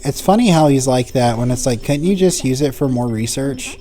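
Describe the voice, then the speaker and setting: A man's voice: medium pitch, lively intonation, normal speed, hardly any pauses, mellow, faint music behind. A man in his thirties giving rambling, casual commentary while playing a game. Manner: rambling, full of "like" fillers. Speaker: let's play host.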